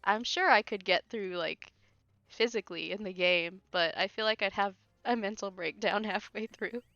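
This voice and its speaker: A chatty, giggly woman streamer talks through her game. Her voice is bright and a little sharp, very close and dry. The stream audio is slightly dull, with faint music behind her. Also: mid-range voice, moderate pace, no room sound. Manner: chatty, giggly, talks to chat between asides. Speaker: streamer playing a video game. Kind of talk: casual let's-play commentary.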